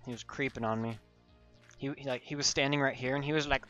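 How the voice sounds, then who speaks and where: A young man talking through his game in a loose, jokey ramble, drifting off topic and back again. His voice sits at an ordinary middle pitch, with soft music in the background. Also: steady tone, fast, lo-fi sound. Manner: goofy, rambling and jokey, loses his train of thought. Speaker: gaming channel host. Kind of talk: gameplay commentary.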